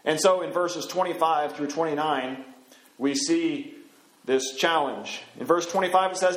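High-voiced man preaching in an echoey room. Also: measured pace, a bit bright. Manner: conversational Bible teaching with fillers. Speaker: pastor. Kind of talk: sermon. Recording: roomy echo.

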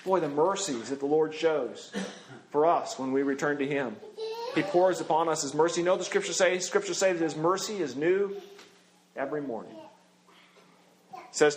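A man with a high-pitched voice delivers a sermon as pastor. He preaches earnestly, slowing down and sinking low as he finishes each scripture line.

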